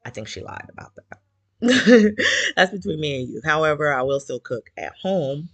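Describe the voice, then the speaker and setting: A woman hosting a community group chats casually with listeners, sounding very animated in a low-pitched voice at a moderate pace. She's candid and emotional, a little teary, with many filler words, and there's no echo.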